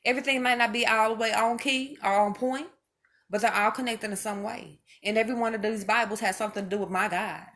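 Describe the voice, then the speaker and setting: Emphatic woman with a slightly high voice. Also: steady tone, fast, fairly bright tone. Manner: emphatic, preachy, repeats her points. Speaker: mother speaking to viewers. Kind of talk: impassioned spoken monologue.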